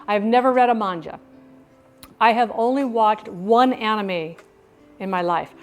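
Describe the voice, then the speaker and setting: Middle-aged woman streamer, mid-pitched, chatty and upbeat, faint music underneath. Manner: chatty, upbeat, laughs often. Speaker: live streamer. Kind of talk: casual live-stream chat.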